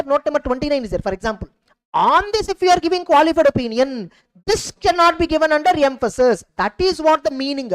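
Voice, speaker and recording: A man's voice: extremely high pitch, rough recording. A man with an Indian English accent giving a recorded exam revision lecture, repeating key points and asking rhetorical questions. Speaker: exam coaching tutor.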